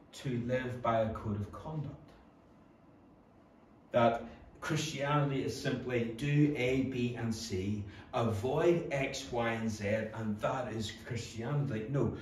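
A man with a Northern Irish accent, a pastor preaching a sermon in earnest, with quick acted-out asides. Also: medium pitch, darkish tone, slight background noise. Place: church hall. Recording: echoey church hall from a distance.

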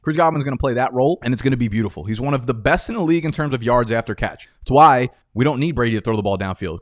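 A man's voice: medium pitch, dry recording, clean studio sound. A young man with a New York-New Jersey accent giving casual, opinionated fantasy football analysis. He talks energetically and with emphasis, and sometimes drifts into chatty, profane tangents.

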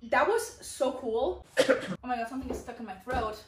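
A woman's voice: a little high, expressive, moderate pace, echoey room. A young woman chatting casually as a book vlogger, bubbly and chatty with dramatic exclamations, recorded in her bedroom. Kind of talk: casual vlog chat.

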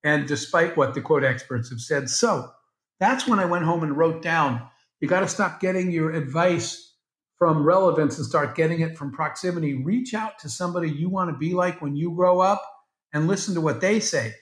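A man's voice: fairly high pitch, normal speed. Echoey male guest telling a story. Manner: anecdotal, acts out quoted dialogue. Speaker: guest entrepreneur. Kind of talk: storytelling in a podcast interview. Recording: roomy, echoey sound.

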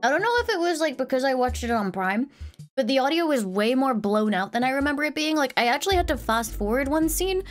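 A woman's voice: sits high, expressive, fast, soft background music. A woman streamer in casual chat, rambling and giggling as she retells a movie scene.

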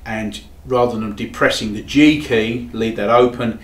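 A man, teaching saxophone in a halting, explanatory way with frequent pauses. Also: mid-range voice, fairly even intonation. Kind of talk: demonstrating tutorial. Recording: echoey room with faint background noise.

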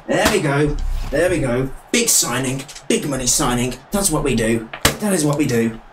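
Excitable young British gamer shouting commentary. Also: male voice, mid-range voice, moderate pace, background noise. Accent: British English. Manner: excitable, shouting and cheeky trash talk. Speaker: gaming YouTuber. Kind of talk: live gameplay commentary. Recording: game music playing behind. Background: game music.

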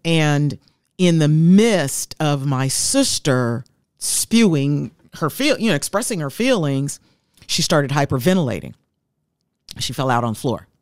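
A woman's voice: deep voice, big pitch swings, measured pace, a little mellow, no room sound, clean studio sound. A woman in her fifties, a guest telling her life story in an interview, heartfelt and reflective.

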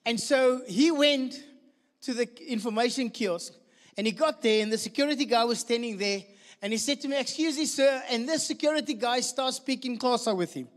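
A man preaching a sermon, telling a story with animated delivery. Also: extremely high pitch, normal speed, big-room sound. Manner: storytelling, lively and animated with laughter. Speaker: pastor.

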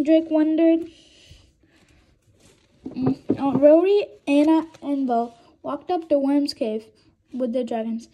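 A woman's voice: high voice, a little slow, dark tone, rough recording. A woman reading a children's book aloud, hesitant, with stumbles, restarts and small hums. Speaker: reader.

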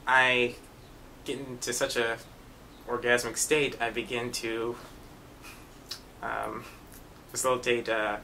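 A young man talks casually about the stage roles he has played. His voice is bright and forceful, and he laughs at himself as he goes. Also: mid-range voice, flat delivery, takes it slowly, gravelly, pauses often, a little hiss or hum. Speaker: actor. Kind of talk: casual interview.

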